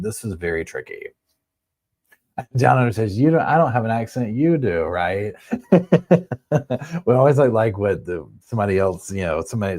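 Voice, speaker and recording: A man's voice: deep voice, darkish tone. A man hosting a live true-crime stream, chatting casually, greeting viewers and reading out comments and statements.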